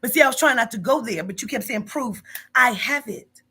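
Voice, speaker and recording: A woman's voice: fairly high pitch, fast, sharp tone, slightly rough. A woman who runs a psychic reading business, confronting a staff member in a profane, emphatic monologue full of repetition.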